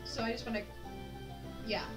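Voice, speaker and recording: A woman's voice: a little high, steady tone, normal speed. A woman player in a tabletop game, talking casually and hesitantly, often restarting while she decides her moves. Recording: voice from far off the mic. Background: background fantasy music.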